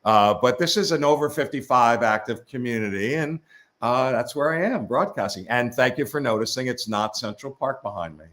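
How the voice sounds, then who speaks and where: A man's voice: mid-range voice, animated, moderate pace, fairly bright tone. Wry, rambling male co-host. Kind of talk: casual live-stream chat. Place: his father's home in a retirement community.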